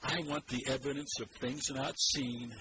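Man preaching over loud noise. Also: mid-range voice, moderate pace. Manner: animated, leads the congregation in repeating verses. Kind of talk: sermon.

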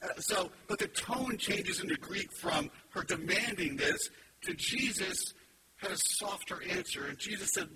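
A man in his fifties preaching a sermon, telling family stories quickly with sarcastic humor. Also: high-pitched, animated. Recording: distant mic with loud background noise.

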